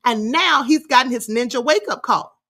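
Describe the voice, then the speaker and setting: Sassy high-voiced woman host. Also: animated, normal speed, sharp tone. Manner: sassy, scornful, laughing often. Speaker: livestream host. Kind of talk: casual live commentary reading chat.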